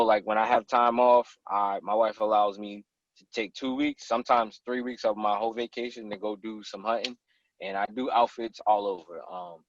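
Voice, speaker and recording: A man as a podcast guest, chatting casually and telling animated stories about hunting. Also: medium pitch, no room sound, highs cut off. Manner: animated, acts out people in his stories. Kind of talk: casual storytelling chat.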